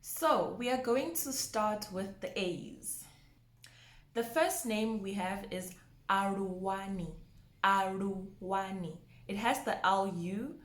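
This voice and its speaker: A woman teaching a pronunciation lesson, slowly repeating each word with care. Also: medium pitch, echoey room. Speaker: language teacher.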